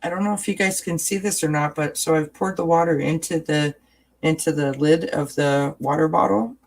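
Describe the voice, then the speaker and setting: A woman's voice: low voice, moderate pace, vocal fry, rough recording. A woman hosting a casual live-stream chat about oracle cards, talking in a rambling way with frequent restarts.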